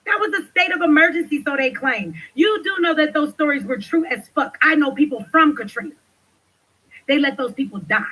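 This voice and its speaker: A woman hosting a livestream, talking loudly and passionately with lots of swearing as she rants and reads chat. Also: sits high, lively intonation, fairly quick, low-quality recording. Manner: loud, passionate, profane ranting. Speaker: livestream host. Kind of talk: livestream commentary.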